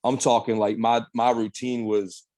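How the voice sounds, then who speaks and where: Recorded without room echo, this young bodybuilder talks at a moderate pace in a mid-range voice while guesting on a podcast. His casual interview is all lively anecdotes, heavy on slang and curse words, with "bro" and "man" dropped constantly.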